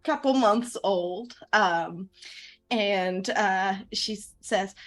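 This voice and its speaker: A woman's voice: medium pitch, drawn-out words. A woman narrating a tabletop game as game master, with many hesitations and ums.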